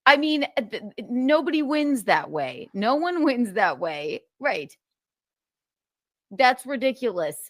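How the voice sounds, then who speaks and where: A woman's voice: on the high side, very animated, takes it slowly, no echo, clean studio sound. Exasperated, foul-mouthed woman streamer. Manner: exasperated, swears often. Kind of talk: casual defensive monologue.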